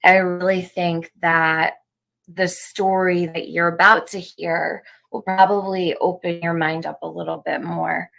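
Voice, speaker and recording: A woman's voice: lowish voice, flat delivery, unhurried, creaky, a bit bright. A woman hosting a live stream, chatting casually with viewers and reading out their comments, laughing often.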